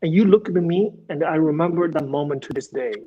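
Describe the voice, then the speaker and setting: A man's voice: fairly high pitch, slightly rough. Earnest man on a dull lo-fi line. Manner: earnest, halting, grateful, with restarts. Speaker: podcast host, former dancer. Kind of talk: casual interview chat. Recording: dull lo-fi sound.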